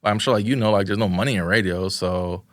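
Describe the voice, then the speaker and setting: A man's voice: on the low side, fast, a bit bright, no echo, clean studio sound. A young man, a podcast guest, telling his story in casual, slangy speech full of fillers and quoted asides. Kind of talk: casual interview chat.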